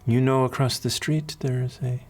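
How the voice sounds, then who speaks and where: A man voicing a stern but kindly woman mentor who speaks with an accent, in a calm, measured, soothing way. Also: mid-range voice, lightly acted. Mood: persuasive.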